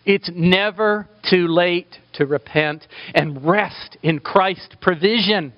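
A man's voice: sits high, slow pace, dry recording, muffled recording. A man preaching a sermon with passion, building to emphatic peaks. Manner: impassioned, rising to emphatic peaks.

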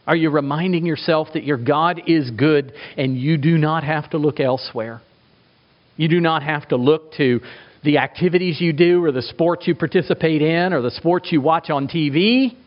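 A middle-aged man preaching a sermon as a pastor, emphatic, asking rhetorical questions and swinging his pitch for effect. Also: moderate pace. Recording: dull lo-fi recording.

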